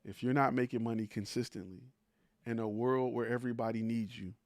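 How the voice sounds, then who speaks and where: A man's voice: mid-range voice, fairly even intonation, a little fast, a little mellow, dry recording. A man hosting a live stream, giving blunt, teasing business advice to creators with rhetorical questions. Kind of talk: blunt motivational talk.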